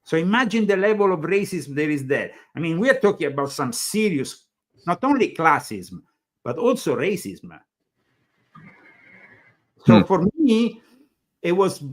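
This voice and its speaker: A man's voice: high voice, sing-song, measured pace. Italian-accented man, rambling talk. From Italy. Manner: rambling, hesitant with many fillers. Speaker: show host. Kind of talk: casual conversational interview.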